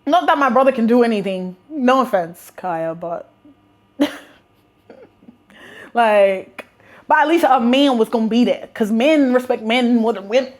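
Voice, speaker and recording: A young woman in her twenties telling stories in a chatty, animated, slangy way, with laughs and restarts. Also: on the high side, measured pace, pauses often. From Australia. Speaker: vlogger. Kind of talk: casual storytime.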